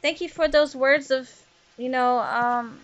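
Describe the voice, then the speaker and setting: A woman livestreamer chats casually with her viewers while playing a game, swearing freely. Her voice sits high, with a steady tone and measured pace.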